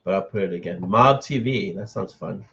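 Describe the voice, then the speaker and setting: Low-voiced man chatting loosely on a live stream. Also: fairly quick, creaky, sharp tone. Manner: loose and chatty, reading and answering viewer comments. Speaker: author hosting a live stream. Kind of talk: casual live-stream chat with viewers. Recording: dull, slightly lo-fi stream audio.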